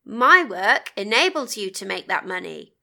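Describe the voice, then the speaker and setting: A woman's voice: medium pitch, big pitch swings, moderate pace, creaky, pushed and bright, full character voice. A woman voicing a frustrated middle-aged wife who pleads and pushes back. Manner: pleading, rising to anger.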